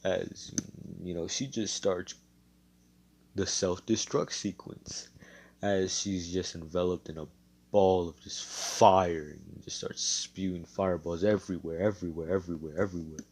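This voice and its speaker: A man's voice: low voice, fairly even intonation, a little slow, a little mellow, breathy edge. A man narrating an improvised fan story in a rambling, filler-heavy way.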